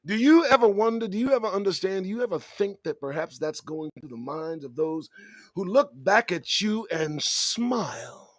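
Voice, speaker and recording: A man's voice: high voice, normal speed, dry recording. A man hosting his own show, delivering a profane commentary monologue full of rhetorical questions. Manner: animated, swearing, rhetorical questions. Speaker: show host.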